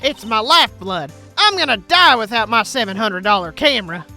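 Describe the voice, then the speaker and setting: A woman voicing a loud, pushy young woman photographer who shouts accusations, with faint game music behind. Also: mid-range voice, big pitch swings, normal speed. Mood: brash.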